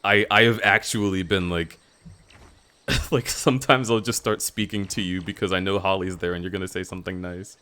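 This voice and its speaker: A man chatting casually on a live stream, telling stories with lots of laughter and jumping up high in pitch whenever he quotes someone. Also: normal speed. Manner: animated storyteller, laughs often, jumps high in pitch when quoting others.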